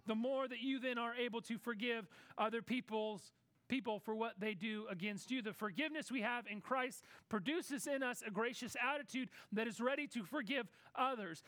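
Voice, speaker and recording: Preacher, male, very high voice, dry close sound, conversational sermon delivery. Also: fairly bright tone, no room sound. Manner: conversational preaching, acts out Bible characters in quick asides.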